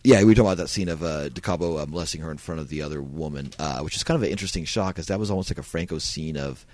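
A man's voice: a bass voice, racing, darkish tone, dry recording. A man hosting a casual film-review podcast, talking in a laid-back, rambling way with lots of fillers. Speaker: podcast host.

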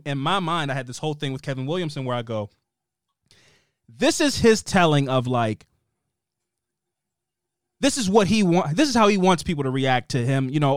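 A man co-hosting a chatty podcast recap, his voice high and swinging widely in pitch. He slips into quick impressions of the people he's describing. The sound is clear and dry, close to the mic. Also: dry recording. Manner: animated, acts out characters' lines. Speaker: podcast co-host. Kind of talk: casual chat recapping a TV show.

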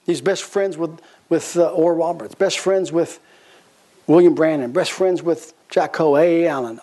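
A male pastor delivering a sermon in a notably high voice. He tells his stories with lively, animated energy and circles back over his phrases for emphasis. He breaks into laughter as he preaches. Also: moderate pace. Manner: animated storytelling, repeats phrases; laughs while telling stories.

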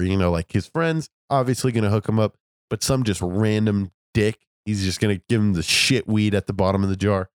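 Young male co-host, low voice, laid-back and reflective, dry sound. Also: brisk, no room sound. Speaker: podcast co-host. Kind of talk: casual chat.

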